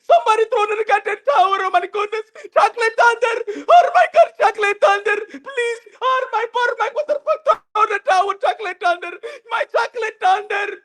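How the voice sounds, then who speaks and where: A woman's voice: extremely high pitch, brisk, hardly any pauses, fairly bright tone, voice pushed up. A woman voicing a hysterical woman at ringside who sobs, shrieks and begs for the fight to be stopped. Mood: hysterical, pleading. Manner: shrieking, crying, pleading, profane.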